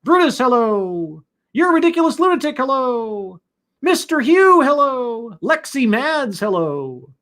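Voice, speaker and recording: A man's voice: very high-pitched, big pitch swings, measured pace, a bit bright. A man hosting a casual livestream commentary, rambling along and greeting his chat members one by one. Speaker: livestream host.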